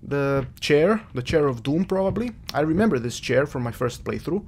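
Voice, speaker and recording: A fairly high-pitched man with lively intonation and a darkish tone speaks at normal speed. He's a Croatian-native let's-play gamer rambling and joking through a horror game while answering back to it. Game music plays behind, along with a little hiss or hum.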